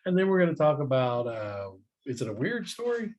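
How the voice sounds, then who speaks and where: A man's voice: mid-range voice, big pitch swings, a little fast, darkish tone. Joking man hosting a chat. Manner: joking, laughs often, tells dumb facts. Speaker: podcast host. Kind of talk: casual chat. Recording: faint background noise.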